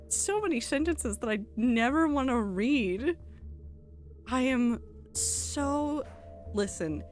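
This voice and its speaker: A woman streaming a game, chatting casually and rambling with lots of fillers. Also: medium pitch. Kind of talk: casual live-stream chat while gaming.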